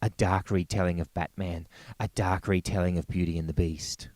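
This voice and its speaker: A man's voice: deep voice, fairly even intonation, moderate pace, a little mellow, dry recording. A man, co-hosting a comedy podcast in casual, wry chat. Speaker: podcast co-host.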